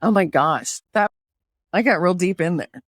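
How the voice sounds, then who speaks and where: A woman hosting a podcast in casual chat, playful and animated, often jumping higher in pitch while joking. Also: measured pace, dry recording, studio quality. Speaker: podcast host.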